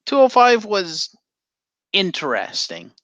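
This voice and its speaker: A man's voice: high-pitched, wildly swooping pitch, slow pace, fairly bright tone, dry recording. A man co-hosting a casual podcast, recapping in a rambling way with frequent swearing. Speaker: podcast co-host. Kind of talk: casual chat.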